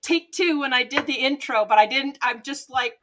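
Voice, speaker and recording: Woman interview guest, fairly high voice, animated storyteller who acts out the quotes, webcam mic. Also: normal speed, a little hiss or hum. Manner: lively, laughs often, acts out quoted dialogue. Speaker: guest, TV show host and business owner. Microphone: webcam microphone.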